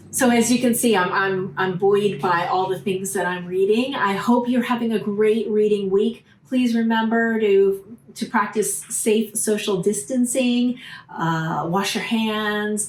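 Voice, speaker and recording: A woman chatting casually to her viewers about her reading week, animated and full of restarts. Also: mid-range voice, roomy sound, a little hiss or hum, poor audio. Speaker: book vlogger. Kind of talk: casual chat to camera.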